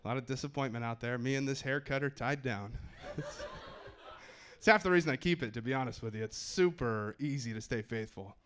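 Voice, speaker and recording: A man's voice: mid-range voice, expressive, a little fast, background noise. A man performing stand-up comedy on a club stage with a handheld mic, wry and self-mocking, with punchy timing.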